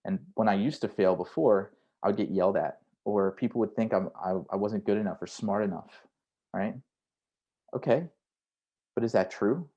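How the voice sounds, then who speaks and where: Male career coach with a slightly low voice, relaxed and chatty workshop delivery, keeps tagging lines with "right?". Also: normal speed, highs cut off. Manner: conversational, frequent "right?" tags; acts out inner voices in quotes. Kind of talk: online workshop talk.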